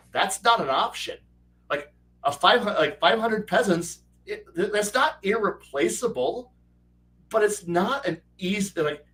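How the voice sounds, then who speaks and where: Animated man telling game stories, far from mic. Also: a little high. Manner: animated storyteller who acts out quoted characters; stammers and restarts often. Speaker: host and game master. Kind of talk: casual livestream chat. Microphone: online call mic. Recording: voice distant from the mic.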